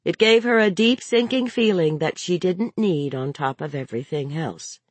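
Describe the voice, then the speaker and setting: A woman narrating a novel as an audiobook, in a measured, expressive storytelling manner. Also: fairly low pitch, no echo. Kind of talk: scripted narration.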